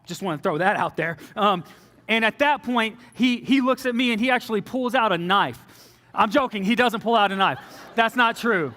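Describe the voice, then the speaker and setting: A man's voice: sits high, normal speed, sharp tone. A young man telling a personal story in a casual sermon, joking and restarting his sentences often. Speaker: college ministry preacher. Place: church hall. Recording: long hall reverb.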